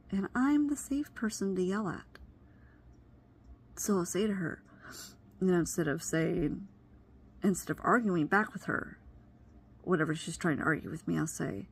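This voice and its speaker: Earnest lower-voiced woman vlogger. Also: breathy edge. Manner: earnest, reflective, advice-giving; wandering, loses train of thought. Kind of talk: personal vlog monologue.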